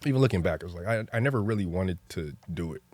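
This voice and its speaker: A young man from New Jersey, a podcast guest, telling stories in a relaxed, casual way that turns lively and full of laughter at the funny parts. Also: low-pitched, very fast, dry recording. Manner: laid-back, animated when telling stories, laughs often. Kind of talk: casual storytelling chat.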